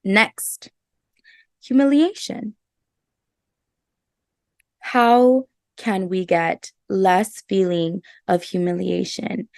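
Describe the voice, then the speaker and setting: Slow, gravelly-voiced woman podcast host. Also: medium pitch, darkish tone, no room sound, clean studio sound. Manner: earnest, emphatic, repeats phrases. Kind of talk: casual self-help podcast talk.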